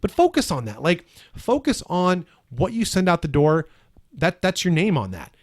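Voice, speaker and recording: A man's voice: sits high, big pitch swings, normal speed. A man co-hosting a casual podcast, talking earnestly and a bit preachily, often repeating himself. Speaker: podcast co-host.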